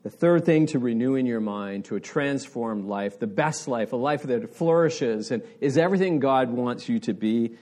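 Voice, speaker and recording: A man's voice: mid-range voice, moderate pace, few pauses, darkish tone. A middle-aged man preaching a sermon in an earnest, conversational way with rising emphasis. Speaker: pastor.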